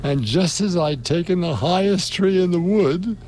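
A man's voice: high voice, unhurried, a little mellow, a little hiss or hum, voice pushed up. A man reading a storybook aloud, voicing an indignant female pigeon who shrieks and sneers about serpents. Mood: shrieking. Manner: shrieking, contemptuous, aggrieved. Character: shrill indignant female pigeon guarding her nest.

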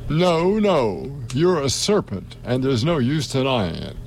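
A man's voice: medium pitch, very animated, takes it slowly, a little mellow, slight background noise. A man reading a storybook aloud, voicing an indignant female pigeon who shrieks and sneers about serpents. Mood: contemptuous. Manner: shrieking, contemptuous, aggrieved. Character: shrill indignant female pigeon guarding her nest.

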